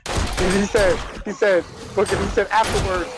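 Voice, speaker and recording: Animated high-voiced man telling stories. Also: moderate pace, background noise. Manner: animated, profane, says "right?" and "like" often. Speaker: podcast co-host. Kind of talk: casual chat, retelling comedy bits.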